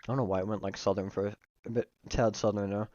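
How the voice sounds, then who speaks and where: A man's voice: fairly low pitch, level tone, fast, mellow, dry recording, lo-fi sound. A man streaming a game, joking and swearing as he reads its text aloud and comments on it. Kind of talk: casual game playthrough commentary.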